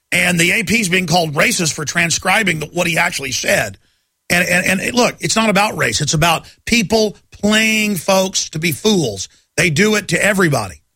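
Gravelly, bright-voiced ranting radio host. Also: male voice, on the high side, no room sound. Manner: ranting, emphatic, many restarts. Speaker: radio talk show host. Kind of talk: talk radio monologue. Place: radio studio. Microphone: studio microphone.

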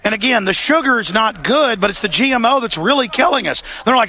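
A man's voice: sits high, animated, quick pace, hardly any pauses, sharp tone. A man hosting a talk show, ranting in an impassioned way. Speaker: host.

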